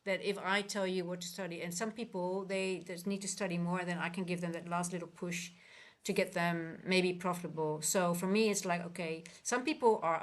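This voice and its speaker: A woman's voice: on the low side, steady tone, a little fast. A woman coaching traders on a casual livestream, talking earnestly and rambling with many restarts. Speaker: trading coach and livestream host.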